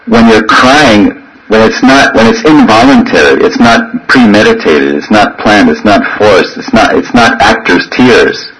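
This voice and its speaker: A man's voice: deep voice, a bit bright, breathy edge, low-quality recording. A man giving an informal devotional class, telling meandering stories and mimicking the cries of children and dogs. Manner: rambling storyteller, imitates crying children and yelping dogs. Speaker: spiritual teacher. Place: living in a holy town in India.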